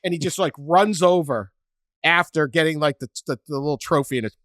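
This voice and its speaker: A man hosting a sports podcast, telling stories in a lively, chatty way and laughing often. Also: a little high, fairly quick, no echo. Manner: animated storyteller, laughs often, acts out quotes. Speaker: podcast host. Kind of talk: casual sports chat.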